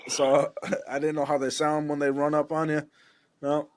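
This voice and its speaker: A man's voice: a little high, measured pace, no room sound. A man hosting a podcast, chatting casually and telling a short funny story of his own. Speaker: podcast host. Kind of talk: casual chat.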